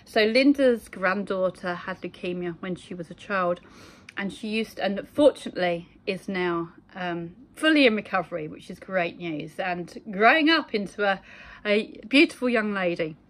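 A woman's voice: mid-range voice, expressive, normal speed, a bit bright. A middle-aged woman from England talking casually to her phone in a rambling monologue, full of fillers and asides. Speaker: vlogger.

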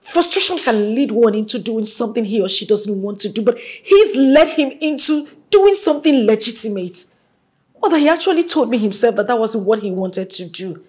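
A woman's voice: a little high, expressive, normal speed, a little mellow, close to an everyday voice. A young Nigerian woman playing an emotional daughter who pleads and argues with her mother. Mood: arguing. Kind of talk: Nollywood drama acting.

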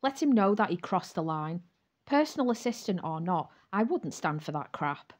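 A woman narrating a first-person romance audiobook in a lively, frank voice. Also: fairly low pitch, moderate pace.

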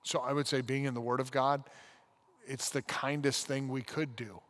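A man's voice: mid-range voice, flat delivery, moderate pace, a bit bright. A man in his forties, a pastor, telling a personal story in a casual podcast conversation, acting out the scenes as he goes. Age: 40s.

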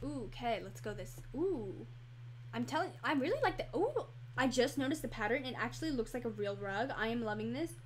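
High-pitched girl gamer rambling into her mic, super excited, lots of "like"s. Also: fairly quick, a little hiss or hum. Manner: chatty and excitable, many fillers. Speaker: gaming channel host. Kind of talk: casual game commentary. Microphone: computer microphone.

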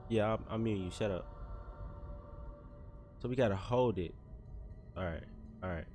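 A man's voice: fairly low pitch, moderate pace, soft background music. A young man playing a horror game and commenting, jumpy and frightened, full of slang like bro and dude. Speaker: gaming YouTuber.

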